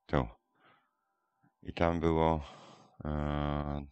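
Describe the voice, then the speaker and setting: A man's voice: rumbling low, moderate pace, no echo. A man, casually commenting on a game and thinking aloud as he reads out codes. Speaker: gameplay commentator.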